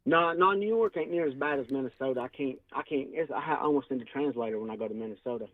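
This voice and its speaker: A man's voice: mid-range voice, fast, dry recording. A man with a heavy Southern US accent calling in to a live stream, folksy and combative, heard over a phone line. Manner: folksy and combative, says "y'all" and "do what?". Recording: tinny dry phone line.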